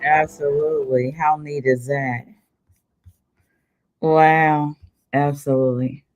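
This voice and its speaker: A woman's voice: low-pitched, steady tone, takes it slowly, a little mellow. Co-host woman going "absolutely", faint hiss behind. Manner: brief affirming interjections. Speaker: podcast co-host.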